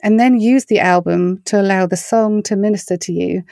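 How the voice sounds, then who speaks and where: A middle-aged English woman speaks in an earnest, storytelling way, her pitch sitting mid-range for a woman. The sound is close and dry, with no room around it. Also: moderate pace, vocal fry, dry recording. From England. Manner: earnest, storytelling, animated when quoting others. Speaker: worship singer and author. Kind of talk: interview answers.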